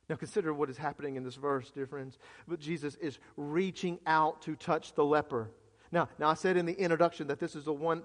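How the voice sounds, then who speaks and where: Male pastor, high voice, impassioned sermon delivery, long reverb of a church hall. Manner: impassioned, swinging from hushed to loud.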